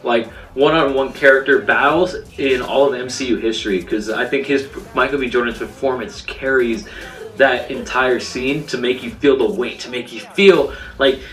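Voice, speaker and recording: Excited young man reviewing a film. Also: mid-range voice, moderate pace, recorded from a distance. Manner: enthusiastic, rambling with many fillers and restarts. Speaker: movie reviewer. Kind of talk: casual spoken film review. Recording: roomy, off-mic sound with faint music.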